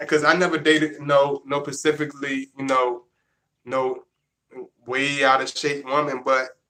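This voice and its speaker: In a casual monologue to camera, a male vlogger with a bright, forceful mid-range voice addresses his viewers. He rambles and repeats himself, restarting sentences again and again.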